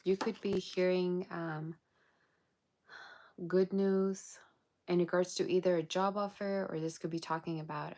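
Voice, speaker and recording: A woman's voice: fairly low pitch, creaky, a little mellow. A woman giving a casual tarot reading, chatty and blunt with exasperated asides, sounding tired and yawning. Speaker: tarot reader.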